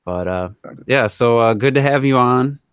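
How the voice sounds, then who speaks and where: A man's voice: medium pitch, moderate pace, smooth, dry recording. A man hosting a podcast, chatting casually and welcoming a guest, with frequent ums and uhs. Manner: relaxed, hesitant with frequent fillers. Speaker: podcast host. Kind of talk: casual chat.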